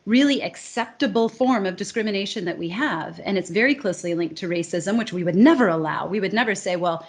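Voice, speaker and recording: A woman's voice: medium pitch, expressive, a little fast, hardly any pauses. Emphatic American woman speech coach. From United States. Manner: emphatic, earnest, building points in lists. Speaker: guest, speech coach and academy founder. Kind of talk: conversational interview.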